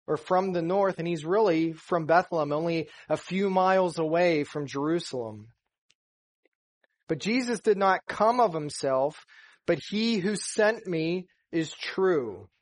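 A man preaching a sermon as pastor of a church, earnest and building to emphatic stress on key points. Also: a little high.

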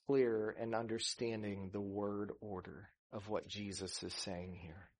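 A man preaching a sermon, earnest, rising to emphasis and acting out scripture dialogue. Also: fairly low pitch. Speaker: pastor.

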